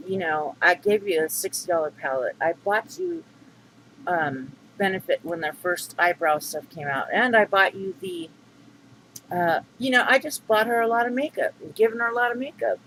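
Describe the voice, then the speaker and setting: A man's voice: high-pitched, expressive, normal speed, pushed and bright, slight background noise, poor audio. A middle-aged man venting to camera in a rambling, aggrieved vlog monologue full of fillers and restarts. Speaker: vlogger.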